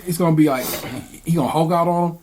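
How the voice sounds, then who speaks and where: A man's voice: fairly high pitch, fairly even intonation, darkish tone, slight background noise. A man, a podcast co-host, chiming in with jokes in casual chat. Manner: joking, quick interjections.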